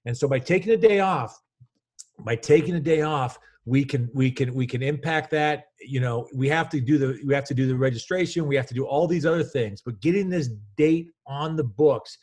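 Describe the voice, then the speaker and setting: A man in his fifties, a college basketball coach, telling stories in an energetic, rambling way with many restarts. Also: medium pitch, normal speed, breathy edge. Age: 50s. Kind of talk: casual storytelling interview.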